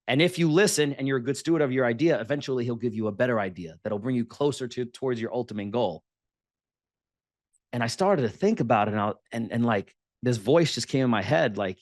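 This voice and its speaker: A man telling his business story as an interview guest, animated and quoting others as he goes. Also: mid-range voice, brisk, dry recording, studio quality. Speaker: guest, podcast booking entrepreneur.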